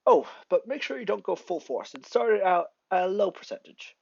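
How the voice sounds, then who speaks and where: A man voicing a hearty, encouraging grown hero mentor who talks loudly. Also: high-pitched, animated, brisk, vocal fry, husky, no room sound, highs cut off, voice pushed up, exaggerated voice. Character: booming cheerful grown male hero mentor.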